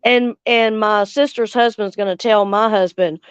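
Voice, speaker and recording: Woman in her forties, livestream host, blunt and angry, smooth clear voice, dry and slightly muffled sound. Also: medium pitch, fairly even intonation, moderate pace, dry recording. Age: 40s. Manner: angry, blunt, heavy swearing, reads out viewer comments. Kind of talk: casual livestream chat with viewers.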